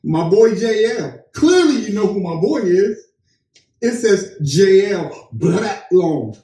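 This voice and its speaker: Husband joking in a roomy room. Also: male voice, high-pitched, slow pace. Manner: joking, animated storyteller acting out dialogue. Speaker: podcast co-host. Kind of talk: casual chat. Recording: roomy, distant mic.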